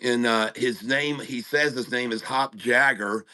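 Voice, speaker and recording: A man's voice: mid-range voice, a little slow, bright, forceful tone, smooth, rough recording. A man voicing a doubtful woman loan officer at a bank, told inside a joke.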